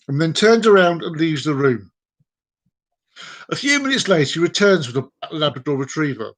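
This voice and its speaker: A man's voice: fairly high pitch, a bit bright. A man hosting a live stream, telling jokes with chatty asides and laughing along. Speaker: host. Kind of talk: joke telling.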